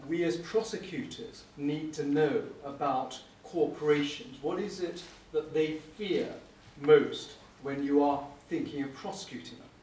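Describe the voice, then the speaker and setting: A middle-aged man, a prosecuting barrister, giving a wry, anecdotal conference lecture with frequent "uh" pauses. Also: fairly high pitch, darkish tone. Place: lecture hall. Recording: echoey room, speaker far from mic, faint hum.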